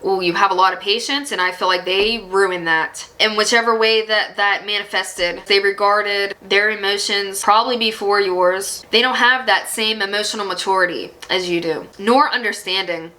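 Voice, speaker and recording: A woman's voice: mid-range voice, moderate pace, hardly any pauses, rough recording. A woman giving a psychic tarot reading, talking straight to the viewer in an encouraging way and laughing often. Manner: emotional and animated at times. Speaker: tarot reader.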